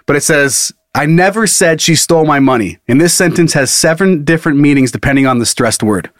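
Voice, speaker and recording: A man's voice: on the high side, animated, fairly quick, no room sound, studio quality. A man co-hosting a casual comedy podcast, joking, swearing and laughing often. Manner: jokey, profane, laughs often. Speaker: podcast co-host.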